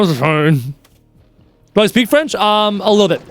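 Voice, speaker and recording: A man's voice: high voice, expressive, normal speed, no echo, soft background music. A man live-streaming a game, chatting casually and reading out viewers' messages in a playful way. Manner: chatty, reads chat aloud, playful.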